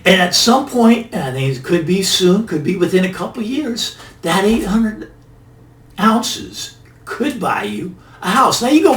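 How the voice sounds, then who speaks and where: Emphatic man, lively roomy monologue. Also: sits high, unhurried. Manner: emphatic, repeats phrases for effect. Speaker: finance channel host. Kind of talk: casual monologue commentary. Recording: roomy, mic a bit distant, faint ambience.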